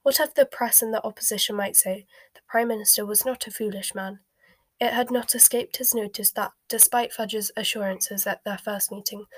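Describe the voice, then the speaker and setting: A woman narrates a storybook in a soft, breathy whisper of middling pitch. The sound is dry and close, with no room around it. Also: no room sound. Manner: soft, mostly unvoiced whisper.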